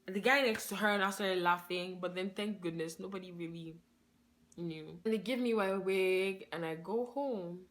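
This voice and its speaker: A woman telling a story on her vlog in a casual, excitable way, laughing along and saying "like" in nearly every phrase. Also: mid-range voice, moderate pace. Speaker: vlogger.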